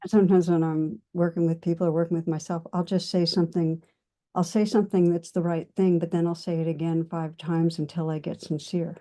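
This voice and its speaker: Woman host asking questions in a calm, gentle way, lowish mellow voice. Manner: gentle and measured. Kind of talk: interview conversation.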